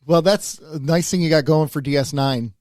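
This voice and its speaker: A man's voice: a little high, normal speed, darkish tone, dry recording, clean studio sound. A man co-hosting a podcast in casual chat, rambling with lots of restarts and self-deprecating asides. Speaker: podcast co-host.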